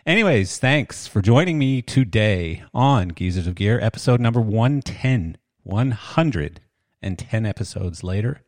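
Older guy hosting a podcast, lowish voice, rambly and joking at himself, dry sound. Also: lively intonation, unhurried, dry recording. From Canada. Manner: rambling, self-deprecating, chatty. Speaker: podcast host. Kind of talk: casual podcast chat.

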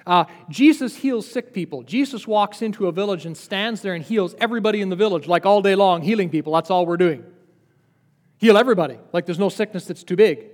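A man preaching a sermon in a lively, conversational teaching manner, asking his listeners questions. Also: sits high, in a large hall. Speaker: pastor.

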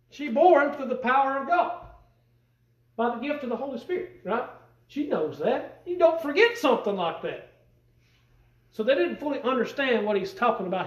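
A man preaching a sermon in a folksy, emphatic way, with rising bursts, to a church congregation. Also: very high-pitched. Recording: echoey room.

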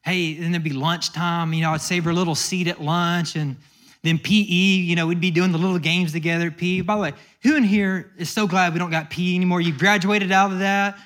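A man's voice: sits high, steady tone, a little fast, a bit bright. A man preaching a sermon, telling stories in a loose, conversational way and acting out the people in them. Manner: conversational storytelling with acted quotes. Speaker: pastor.

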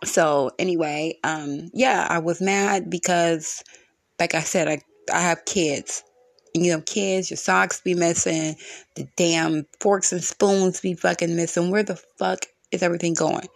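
A woman's voice: on the low side, steady tone, a little slow, vocal fry, no echo, clean studio sound. A woman hosting her own solo podcast from her room at home, venting bluntly and cursing often in a frustrated rant. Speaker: podcast host.

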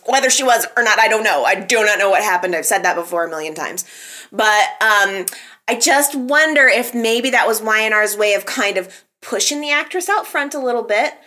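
Bright-voiced chatty woman recapping a soap. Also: medium pitch. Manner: chatty, gossipy, giggly asides. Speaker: soap opera podcast host. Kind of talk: casual recap commentary.

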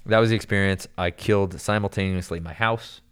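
A man telling a long story in casual chat, animated and rambling, full of "dude" and "like". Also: low voice, a little fast, clear, resonant tone.

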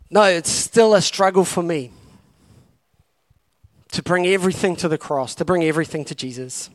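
Preaching as a campus pastor, a man urges his listeners on with fervent calls he repeats again and again. His voice sits fairly high and moves a little fast.

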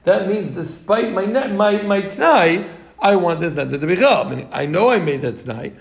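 A man teaching a Talmud class, animated and quick, repeating points for his students. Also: high-pitched, creaky.

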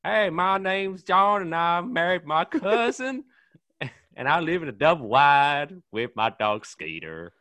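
An Englishman hams up a crude hillbilly American, high-pitched, loud and drawling, his Essex accent peeking through. The voice is sharp and bright, recorded dry and close. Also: expressive, dry recording. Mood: mocking. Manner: loud, drawn-out put-on American twang. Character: mock hillbilly American man, crude stereotype.

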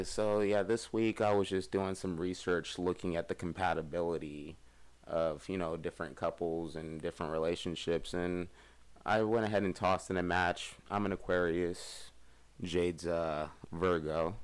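A man's voice: low-pitched, clear, resonant tone. A man co-hosting a casual podcast with his wife, blunt and joking, swearing freely. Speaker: podcast co-host. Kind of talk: casual chat.

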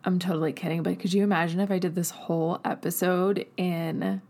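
A woman's voice: lowish voice, fairly even intonation, a little fast, a little mellow. A woman hosting her own podcast in a chatty, upbeat monologue, recorded while traveling away from a studio. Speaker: podcast host.

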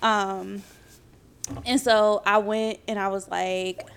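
A young adult woman in casual chat, telling her own story in a relaxed, laid-back way. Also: medium pitch, takes it slowly, creaky, noisy background.

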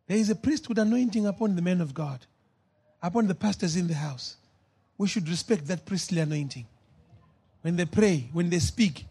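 A man preaching a sermon as pastor, moving between shouted, drawn-out lines and low, quiet asides. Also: slightly rough.

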